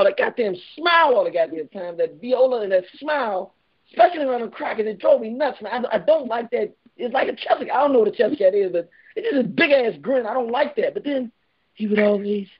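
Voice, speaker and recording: A man with a notably high voice hosts a call-in radio show, talking loud and forceful, almost shouting his points. The sound is dull and lo-fi, like an old internet radio stream. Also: lively intonation, quick pace, breathy edge. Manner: loud, emphatic, near yelling. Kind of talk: heated call-in radio talk.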